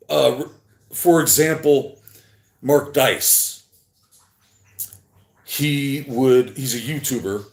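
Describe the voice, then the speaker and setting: A man drifts through a solo livestream, slow and meandering, stopping now and then to talk to his chat. His voice sits at an ordinary pitch. The room around him is echoey. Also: a little mellow.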